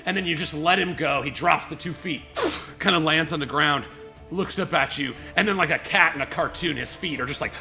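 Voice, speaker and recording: A man's voice: a little high, fairly quick, creaky, faint music behind. A man narrating as game master, rambling with many fillers and acting out the scene. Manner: rambling, lots of "you know" and "like"; animated, acts out scenes.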